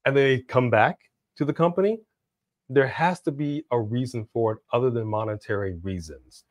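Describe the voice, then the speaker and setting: Animated guy cohosting a stream, chatty, goes big announcer-style sometimes, dry sound. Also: mid-range voice, moderate pace, dry recording. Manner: animated, bursts into hype-announcer delivery. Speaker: co-host of a wrestling prediction stream. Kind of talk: casual live-stream chat.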